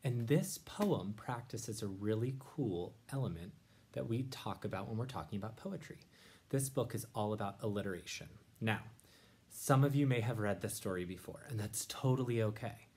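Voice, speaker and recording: Gentle low-voiced man reading aloud. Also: normal speed. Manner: gentle, encouraging, lively when reading verses aloud. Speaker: teacher reading to children. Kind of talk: read-aloud lesson.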